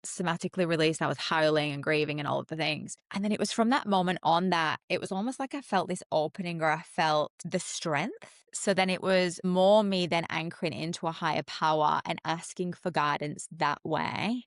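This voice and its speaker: A woman's voice: low voice, a little fast, hardly any pauses, no room sound, clean studio sound. A middle-aged woman, a holistic psychologist speaking candidly and emotionally as a podcast guest. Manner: earnest, emotional, reflective.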